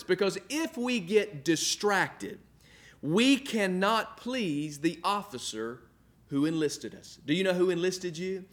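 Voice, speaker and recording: A middle-aged male pastor preaching a sermon to online viewers from an indoor room, stressing points with repetition and slowing down on key words. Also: a little high, fairly bright tone. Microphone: filmed for online viewers.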